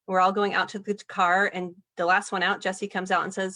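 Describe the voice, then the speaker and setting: A young woman guest on a podcast, talking earnestly and laughing softly as she tells her story. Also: mid-range voice, flat delivery, fairly quick. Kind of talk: casual podcast conversation.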